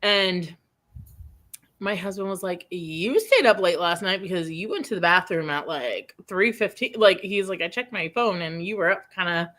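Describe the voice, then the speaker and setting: A woman in her thirties hosting a casual chat, rambling through a personal story with lots of fillers and restarts. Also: lowish voice. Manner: rambling storyteller, animated, quick laughs. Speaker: host.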